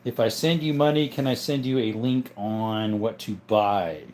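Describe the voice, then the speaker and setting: A man hosting a casual livestream, chatting in a relaxed, rambling way and answering viewers. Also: lowish voice, measured pace, slight background noise. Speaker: livestream host.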